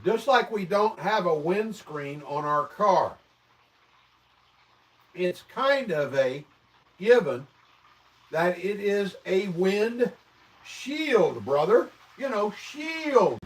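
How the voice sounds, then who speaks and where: A man's voice: sits high, lively intonation, slow pace, long pauses. A man from the American Midwest, hosting a casual livestream and reacting to viewer comments with mock-outraged, profane exclamations. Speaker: livestream host. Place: home, indoors. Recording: voice a bit distant from the mic.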